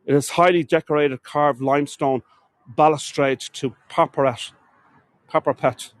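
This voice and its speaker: A man's voice: a little high, steady tone, measured pace. An Irish man narrating a live walking tour of a city, chatting to viewers as "folks" and often stumbling over words and correcting himself. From Ireland. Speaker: tour guide. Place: outdoors on city streets, walking.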